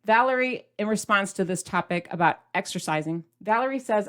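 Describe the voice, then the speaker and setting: A woman's voice: mid-range voice, animated, brisk, fairly bright tone. A woman hosting a diet vlog, talking casually to the camera in a chatty, upbeat way and asking her viewers questions. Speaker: diet vlogger host. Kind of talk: casual direct-to-camera talk.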